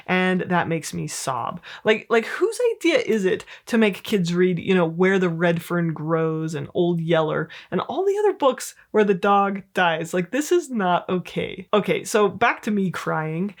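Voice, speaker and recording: A middle-aged woman therapist talks straight to the listener in a relaxed, candid way. Her voice sits a little low, and her sentences are loose and full of fillers like "like" and "you know.". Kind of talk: casual educational monologue.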